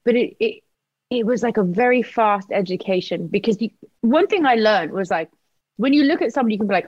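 A woman's voice: medium pitch, lively intonation, brisk, a little mellow, no echo, highs cut off. Candid, swearing woman in casual chat. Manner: candid, swears freely, laughs often.

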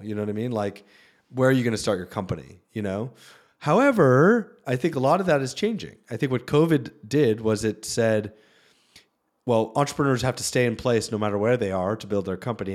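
A venture capitalist on a panel talks casually and loosely, leaning on plenty of fillers and throwing in animated asides. He has a lowish voice and speaks at normal speed.

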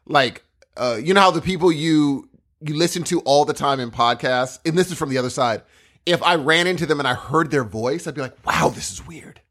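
A man co-hosting a podcast, chatting casually, excitable and stumbling over his words. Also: a little high, brisk. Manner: excitable, stumbling restarts, says dude. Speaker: podcast co-host.

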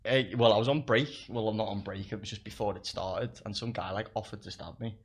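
Fairly low, husky and steady in tone, this young man talks fairly quickly. He's a comedian from England appearing as a podcast guest, swearing plenty and laughing as he tells his stories in casual conversation.

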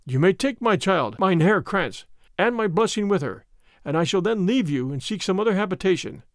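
A man's voice: high voice, lively intonation, moderate pace, no echo, studio quality. A man voicing a secretive male hunter who fled his lord, speaking in a terse, commanding way in a story reading.

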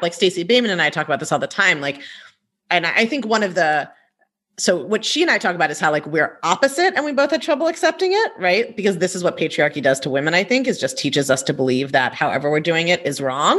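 A woman with a slightly low voice hosts a casual podcast conversation. She talks in an animated way and keeps checking in with her listener. Her delivery stays conversational and quick. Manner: animated, frequent "right?" tags. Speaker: podcast host and coach.

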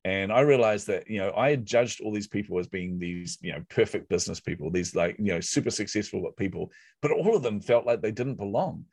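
A middle-aged man, a guest in a conversation, telling a story in an animated, self-mocking way and acting out his own inner voice. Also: lowish voice, brisk, no echo.

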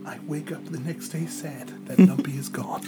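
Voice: mid-range voice, fairly even intonation, moderate pace, a crowd in the background. A player in a tabletop game, making wisecracks and laughing often. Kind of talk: casual tabletop banter.

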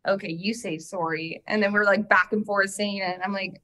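A woman's voice: medium pitch, steady tone, a little fast, bright, forceful tone. A woman with a Canadian accent is a guest on a podcast, chatting in a cheerful way. She laughs easily and talks openly about her feelings. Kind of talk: casual chat interview.

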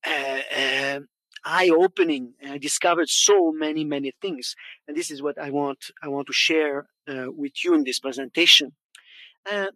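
A man in his fifties from Montreal with a Quebec French accent, giving a conference presentation, often repeating words for emphasis and pausing on fillers. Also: a little high, fairly bright tone, dry recording. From Canada, Montreal. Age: 50s. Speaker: conference speaker.

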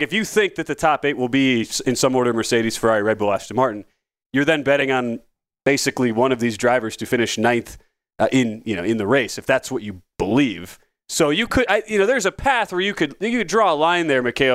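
Hosting a sports betting podcast, a man talks casually in a medium-pitched, fairly bright voice, captured in a dry recording. He rambles, corrects himself, restarts often, and drops wry asides.

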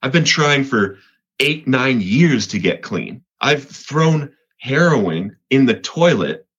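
Speaking slowly with lively intonation, a man from Colorado gives an earnest interview testimony about getting clean. His mid-range voice is a bit bright and slightly rough, it climbs when he relives key moments, and he repeats words; the audio is muffled.

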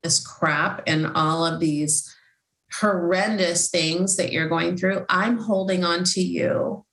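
Christian author, woman, casual rambling faith talk, slightly low voice, roomy sound. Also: steady tone, slow, fairly bright tone. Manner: rambling, heartfelt, many fillers and restarts. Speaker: Christian author and podcast host.

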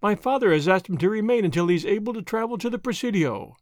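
A man reading the part of a proud, spirited young noblewoman, asking sharp, challenging questions. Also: sits high, lively intonation, quick pace, no echo, studio quality.

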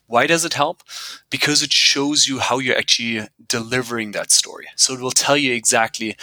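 A man talking as a guest on an interview podcast, with a bright, forceful voice. He tells stories animatedly, acting out bits of dialogue and laughing often, and the recording is close and dry. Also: mid-range voice, brisk, no echo, rough recording. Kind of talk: conversational interview.

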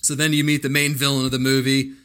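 A man's voice: medium pitch, monotone, fast, sharp tone. A man co-hosting a casual movie podcast, swearing and laughing often as he recaps scenes. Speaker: podcast co-host. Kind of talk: casual movie-review chat.

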